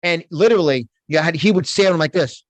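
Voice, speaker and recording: A man's voice: on the high side, fast, no echo. A man, a motivational speaker and guest, talking in a fired-up, emphatic way and often repeating words, from his home studio. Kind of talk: animated interview talk.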